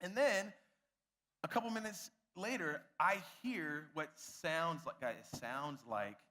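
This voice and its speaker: A man's voice: a little high, slow pace, pushed and bright. A young man, a youth pastor, telling a self-mocking story to a youth group and addressing them directly.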